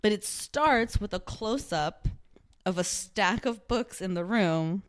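A woman's voice: mid-range voice, lively intonation, slow. A young woman co-hosting a casual podcast, rambling through a TV recap with lots of "like" fillers and frequent laughter. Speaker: podcast co-host. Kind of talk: casual chat recapping a TV show.

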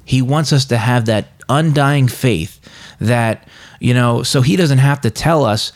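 A man's voice: mid-range voice, unhurried. Earnest man in Bible chat. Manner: earnest, confessional. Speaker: podcast co-host. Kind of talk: casual Bible discussion.

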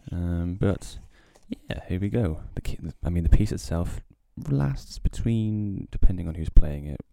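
Very deep gravelly man. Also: lively intonation, unhurried, dark tone, dry recording. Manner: rambling, self-deprecating, wry asides. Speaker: podcast host. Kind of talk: casual solo podcast talk. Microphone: home podcast mic, close.

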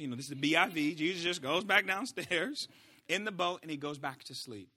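A male pastor preaching a sermon in an animated way, swinging between shouts and hushed asides. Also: a little high, fairly quick.

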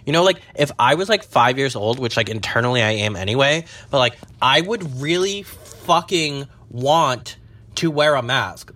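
A young man rambling and swearing in a casual monologue from his parked car, jumping between low mutters and high squeals. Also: lively intonation, normal speed, bright, forceful tone. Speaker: vlogger.

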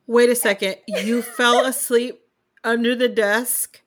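A woman's voice: fairly high pitch, fairly even intonation, takes it slowly. A woman co-hosting a podcast, reacting bluntly and in disbelief to a friend's story. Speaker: podcast co-host. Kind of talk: casual chat.

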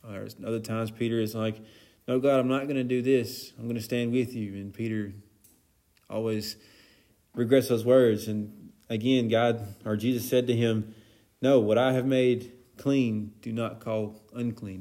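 Guy with a warm low-key voice doing a laid-back bible study, lots of um and you know. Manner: casual, conversational, with many fillers and asides. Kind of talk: informal Bible teaching.

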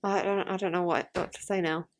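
A woman's voice: lowish voice, steady tone, fairly quick. A woman co-hosting a casual chat podcast, playful and self-mocking. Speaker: podcast co-host.

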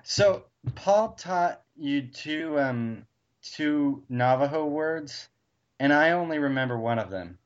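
A man's voice: fairly high pitch, animated, slow, lo-fi sound. A man co-hosting a podcast, talking hesitantly with many ums. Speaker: podcast co-host. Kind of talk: casual chat.

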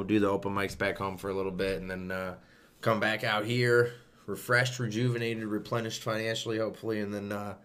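A man's voice: lowish voice, bright, forceful tone. A young adult man, a comedian, chatting casually in a laid-back way and laughing often. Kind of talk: casual chat.

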